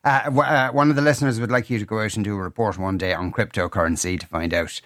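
A man's voice: fairly low pitch, steady tone, fast, a bit bright, dry recording. A man hosting a radio talk show, reading listener messages with wry, teasing banter. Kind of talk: casual radio chat. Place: radio studio. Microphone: studio mic.

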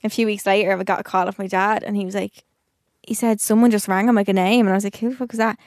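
A woman's voice: mid-range voice, flat delivery, fast, a little mellow, no room sound, clean studio sound. Chatty young Irish woman telling stories. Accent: Irish (Dublin). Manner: chatty storytelling, swears casually. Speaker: podcast co-host. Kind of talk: casual chat.

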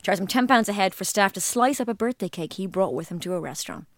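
A woman's voice: medium pitch, expressive, no echo, clean studio sound. A woman in her thirties hosting a podcast, teasing her co-host and piling up examples in casual chat. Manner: teasing, quick-witted, runs lists of examples.

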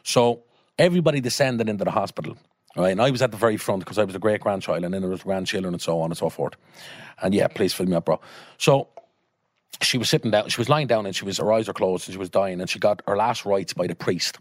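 Low-voiced Irish man, swearing storyteller, dry sound. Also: quick pace, no echo. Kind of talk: casual anecdote.

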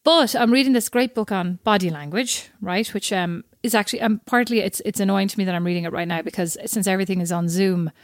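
A woman's voice: mid-range voice, fast, few pauses, no room sound, clean studio sound. A woman co-hosting a podcast in casual chat, talkative and acting out the voices of people she quotes. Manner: chatty, acts out quoted voices. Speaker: podcast co-host.

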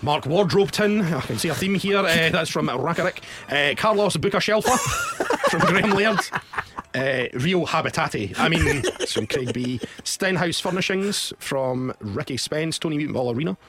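A man's voice: on the high side, lively intonation, moderate pace, fairly bright tone, a little hiss or hum. A man co-hosting a football podcast in casual chat, teasing and reading out listener jokes. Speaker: podcast co-host.

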